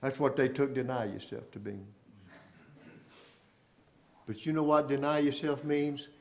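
A man preaching a sermon, swinging from loud, drawn-out cries down to hushed, quiet lines as he speaks to his congregation. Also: mid-range voice, dull audio. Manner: swings from shouting to near-whisper, calls out to the congregation.

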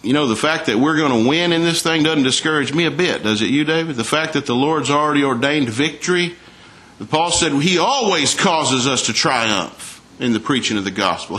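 A man's voice: on the high side, lively intonation, moderate pace, sharp tone. A man preaching a sermon in a folksy way, reading scripture and asking his listeners questions. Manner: folksy, asks the congregation questions, reads scripture aloud.

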